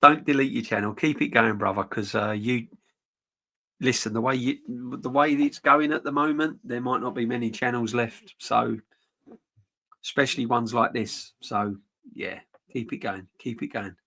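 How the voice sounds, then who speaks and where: A man's voice: mid-range voice, fairly even intonation, a little slow, pushed and bright. A middle-aged man, rambling frankly as he chats with viewers on a live football stream. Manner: rambling, frank, chatty with restarts. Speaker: football channel host reading live chat. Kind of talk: casual live-stream chat.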